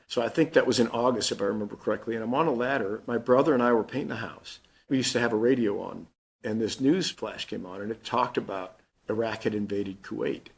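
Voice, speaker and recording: A man's voice: lowish voice, gravelly, slightly rough. A man in his fifties, a Marine Corps general, telling his story plainly in an interview and acting out the dialogue he quotes. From Missouri.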